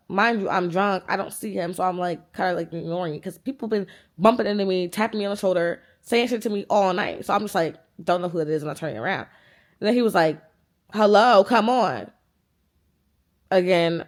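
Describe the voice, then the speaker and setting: A woman in her twenties vlogging, animated and profane as she retells an argument and acts out the quoted dialogue in a casual storytime chat. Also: on the low side, vocal fry. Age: 20s.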